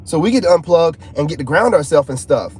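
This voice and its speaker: A man talking to his viewers in a casual, rambling monologue, restless and animated, often repeating himself. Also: on the high side, brisk, husky. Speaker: YouTuber.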